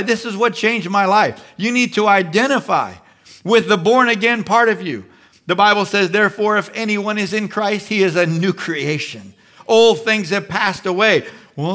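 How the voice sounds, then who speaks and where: A man preaching a live sermon as pastor, animated and acting out little voices as he goes. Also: high voice. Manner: animated, acts out voices of the flesh and believers. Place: large church.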